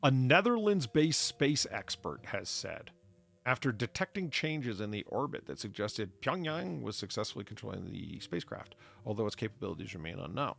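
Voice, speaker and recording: A man with a low, gravelly voice talks in loose casual chat, rambling and swearing as he goes off on tangents. His pitch swings widely. Faint music plays underneath. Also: sing-song, moderate pace, fairly bright tone. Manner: rambling, profane, riffing on trivia. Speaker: podcast co-host.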